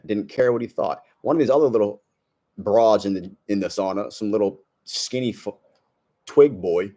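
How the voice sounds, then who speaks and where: A man's voice: on the low side, a little mellow. Brash young man saying bro a lot. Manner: brash slangy storytelling, says bro a lot. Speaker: self-improvement vlogger. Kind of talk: casual monologue to camera.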